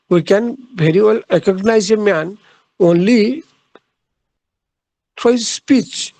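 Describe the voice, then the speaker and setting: A man giving a literature lecture, speaking haltingly, pausing often on "uh" and repeating his key phrases for emphasis. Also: high voice, darkish tone, no room sound, poor audio. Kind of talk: classroom lecture.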